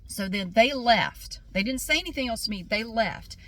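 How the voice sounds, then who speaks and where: A woman's voice: a little high, lively intonation, moderate pace, bright, forceful tone. A woman telling a personal story on her vlog, blunt and indignant, repeating herself for emphasis. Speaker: vlogger.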